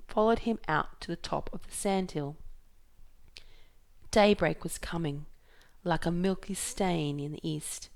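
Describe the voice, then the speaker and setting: A woman reading a novel aloud in a measured, even storytelling way. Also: fairly low pitch, creaky. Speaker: reader.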